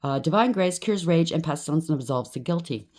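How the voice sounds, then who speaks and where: Low-voiced woman giving a tarot reading. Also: expressive, a little fast, a little mellow. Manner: addresses viewer directly, frequent "okay?" check-ins; acts out quoted voices with sudden rises. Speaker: tarot reader. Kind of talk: tarot card reading for viewers.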